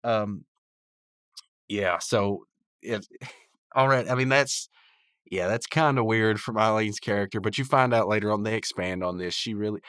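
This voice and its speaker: Brief: easygoing male podcaster, low-pitched, dry close sound, chuckles as he rambles. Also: normal speed, pauses often, fairly bright tone, clean tone, no room sound. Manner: rambling, laid-back, chuckles often. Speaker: podcast host recapping a cartoon episode. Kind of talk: casual chat.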